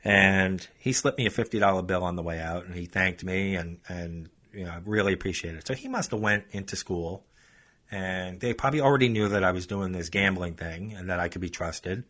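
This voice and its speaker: Deep-voiced man telling a story. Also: a little fast, a bit bright. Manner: chatty, addresses listeners as folks. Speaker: podcast host. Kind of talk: casual storytelling.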